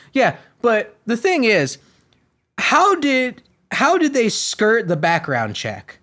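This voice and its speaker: A man's voice: very high voice, wildly swooping pitch, takes it slowly, pushed and bright. A man from Florida hosting a podcast, ranting in a profane, sarcastic, rambling comedic style. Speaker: podcast host. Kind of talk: comedic rant.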